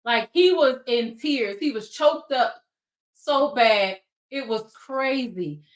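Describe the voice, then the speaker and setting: A woman with a somewhat high voice hosts her own show. She tells a story straight to the camera in a lively, direct way, talking to her viewers as if they were friends. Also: slow. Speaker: searcher for biological families, show host. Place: lives in Georgia.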